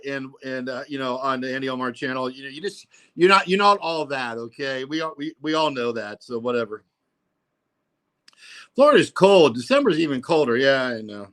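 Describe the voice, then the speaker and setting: A man's voice: fairly high pitch, fairly bright tone. Rambling, profane livestream host, a man. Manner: rambling, profane, lots of "you know, man". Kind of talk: casual livestream chat.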